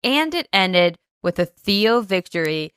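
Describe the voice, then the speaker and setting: Woman, podcast co-host, casual recap chat, bright tone, dry close sound. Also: mid-range voice, big pitch swings, a little slow, clean tone, no echo.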